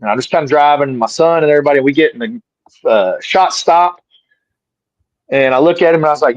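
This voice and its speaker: A man's voice: fairly high pitch, fairly quick, pauses often, no echo. Middle-aged man telling a story. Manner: animated, acts out his own quotes. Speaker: interview guest, fighter. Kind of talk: casual storytelling. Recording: dry, slightly dull sound.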